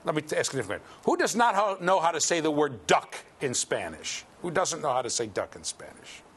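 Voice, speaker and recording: A man giving a university lecture, lively and joking as he quizzes his students. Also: fairly high pitch, brisk, breathy edge. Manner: lively, jokey, quizzes the class. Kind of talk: classroom lecture. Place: lecture hall.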